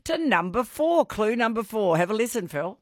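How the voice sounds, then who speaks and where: An Australian woman hosting a radio quiz, chatty and quick to laugh. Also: a little high, big pitch swings, dry recording, clean studio sound. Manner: bubbly, laughing often. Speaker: radio host. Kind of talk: casual radio quiz chat.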